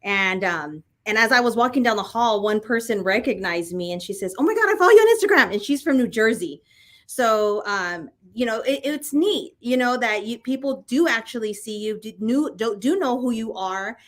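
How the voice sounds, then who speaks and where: A woman's voice: mid-range voice, a bit bright. A woman co-hosting a casual business chat, talking in a loose, rambling way. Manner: rambling, many fillers and restarts. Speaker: co-host of a real estate broker talk.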